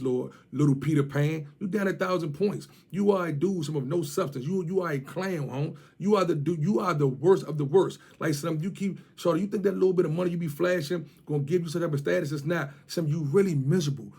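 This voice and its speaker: A man's voice: fairly high pitch, darkish tone, breathy edge. A man with a Washington DC area accent, ranting and mocking someone to camera in heavy street slang, repeating his jabs. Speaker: vlogger.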